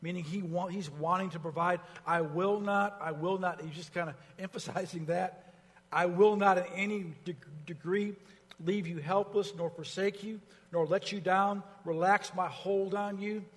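Fervent high-voiced male preacher. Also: steady tone, moderate pace, husky, long reverb tail. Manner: preaching with rising fervor, repetition. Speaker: pastor. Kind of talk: sermon.

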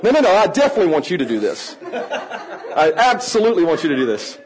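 A man teaching a room of adults how to work with children, energetic and playful, coaxing the audience to join in. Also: high voice, fast, rough recording. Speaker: children's ministry trainer. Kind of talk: lively teaching talk to an audience.

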